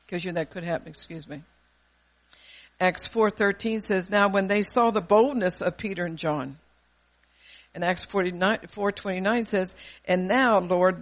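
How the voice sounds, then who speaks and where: An older preacher delivering a sermon with emphatic, forceful conviction, quoting scripture and asking the congregation rhetorical questions. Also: medium pitch.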